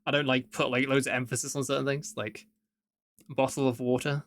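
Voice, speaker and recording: Gravelly midlands english guy rambling while he draws, laughs a lot, mid pitched. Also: little pitch movement, fast talker, a bit bright, no room sound. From England. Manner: rambling, chuckles often. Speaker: streamer. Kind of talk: casual chat while drawing.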